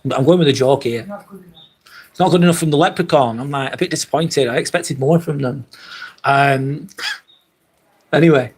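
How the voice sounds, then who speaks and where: This livestream host, a Lancashire man from Northwest England, chats loosely with his audience and curses without restraint as he goes through the chat. He speaks at a moderate pace in a mid-range, slightly breathy voice, pausing often.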